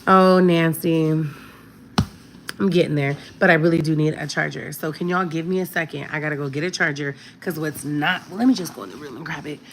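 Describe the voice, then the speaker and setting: A woman's voice: low-pitched, fairly quick, slight background noise. A woman hosting a casual livestream from her home, talking straight to her viewers on a phone held at arm's length, sometimes dropping to a whisper. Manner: chatty, talks straight to viewers, often drops to a whisper. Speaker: livestream host. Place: home, walking through rooms.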